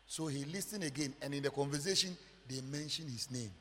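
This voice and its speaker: A male pastor with a Ghanaian English accent, preaching emphatically and swinging from loud outbursts to quiet murmurs. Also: a little high, fairly quick, slight background noise. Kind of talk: sermon. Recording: long church hall reverb.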